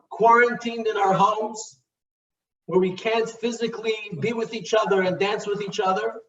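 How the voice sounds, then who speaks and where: A man gives a storytelling sermon in a measured, animated way, with a voice that sits unusually high. He sounds far from the microphone in an echoing room. Faint noise hisses under the muffled call audio. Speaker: speaker at a bar mitzvah. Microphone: video call. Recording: echoey, distant, dull video call.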